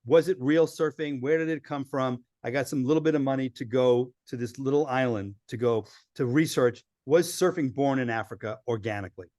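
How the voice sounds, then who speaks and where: A man telling lively travel stories as a podcast guest, acting out the people he quotes. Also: medium pitch, fairly quick, few pauses, no room sound, studio quality. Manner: animated storyteller acting out quoted voices. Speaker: filmmaker guest. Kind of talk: storytelling in a podcast interview.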